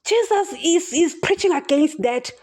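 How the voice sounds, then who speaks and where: A woman's voice: high-pitched, animated, a little slow, darkish tone. A young woman hosting a Christian podcast, reading scripture and then preaching emphatically, repeating herself and calling her listeners "guys". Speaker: podcast host. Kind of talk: Bible reading and impassioned Christian talk.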